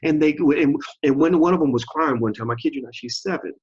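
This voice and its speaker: Husky, emphatic man preaching to camera. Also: fairly high pitch, a little fast, a little mellow. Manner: emphatic and preachy, repeats phrases for stress. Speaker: channel host. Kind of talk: opinion commentary monologue. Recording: dull lo-fi recording.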